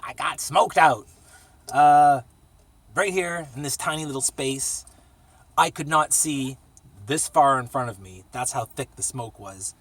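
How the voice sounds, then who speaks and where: A man's voice: a little high, measured pace, fairly bright tone, slightly rough, no echo, far from the mic. A man telling casual, profane stories in a rambling vlog from a small cramped space. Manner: profane, laid-back storytelling with sung jingle. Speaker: vlogger.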